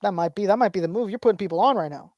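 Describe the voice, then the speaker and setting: A woman hosts an easygoing podcast, reading viewer comments as she goes. Her voice sits at an ordinary middle pitch and sounds close and dry, with no room behind it. She rambles loosely and often says the same phrase two or three times. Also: rapid-fire, a little mellow, no echo, dull audio. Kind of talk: casual toy-collector chat.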